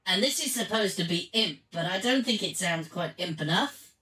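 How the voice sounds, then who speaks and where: A man's voice: high voice, animated, moderate pace, bright, forceful tone, echoey room, distant mic, voice pushed up, low-quality recording. A man talking through a voice changer filter, making wry, offhand remarks. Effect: in-game voice changer filter.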